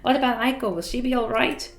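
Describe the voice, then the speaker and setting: A woman's voice: fairly high pitch, quick pace, reverberant, faint music behind, voice pushed up, close to an everyday voice. A woman streamer voicing a young female idol, earnest and curious, while reading a visual novel aloud. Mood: worried.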